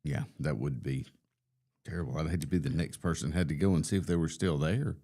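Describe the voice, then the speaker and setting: A man's voice: a bass voice, a little fast, dark tone. A man co-hosting a morning show who mostly answers in short reactions and brief interjections.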